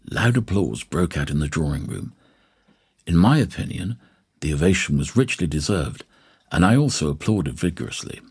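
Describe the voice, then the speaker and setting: A man reading a novel aloud as an audiobook narrator, in a measured storytelling manner. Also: rumbling low, darkish tone, slightly rough. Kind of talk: scripted narration.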